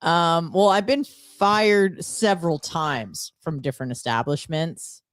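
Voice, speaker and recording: A woman's voice: lowish voice, measured pace, no room sound, clean studio sound. A woman from Michigan, co-hosting a casual talk show and telling stories with wry self-mockery. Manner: wry, self-mocking storyteller. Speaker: podcast co-host. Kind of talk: casual chat.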